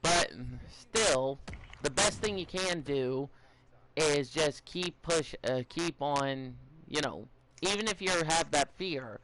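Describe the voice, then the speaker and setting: A man's voice: fairly high pitch, lively intonation, slow, noisy background. A young man hosting a casual podcast, rambling and giving advice with many fillers, restarts and stutters. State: a bit out of it, stuttering.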